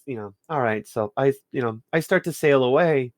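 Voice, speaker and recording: A man's voice: mid-range voice, expressive, a little fast, dry recording, studio quality. A young man on a podcast, casually telling a rambling gaming story full of fillers and restarts. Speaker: podcast co-host. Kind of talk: casual storytelling about a game.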